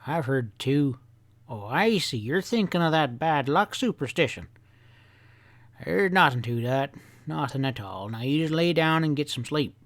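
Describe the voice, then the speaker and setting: A man voicing a gruff, teasing old mountain grandfather with a scoffing folksy drawl. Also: on the high side, expressive, a little slow, no echo. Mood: sleepy, gruff.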